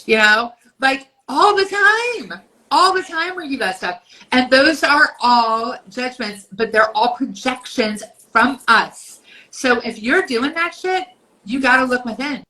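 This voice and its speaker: A woman in her fifties with a bright, forceful tone, speaking a little higher than most women. She talks bluntly in casual podcast chat, swearing freely and slipping into quick voiced asides. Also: expressive, rough recording. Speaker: podcast co-host.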